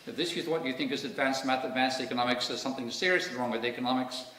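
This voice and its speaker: An Australian man briefly voicing a gruff, scornful male academic with an attempted Austrian accent during a lecture. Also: medium pitch, quick pace, bright, forceful tone, lightly acted. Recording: echoey hall, distant mic, faint noise.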